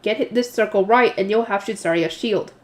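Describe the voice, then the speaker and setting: A woman reading aloud as a loud, passionate male combat professor, lecturing forcefully with occasional stumbles. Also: mid-range voice, fairly quick, close to an everyday voice. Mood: passionate lecture.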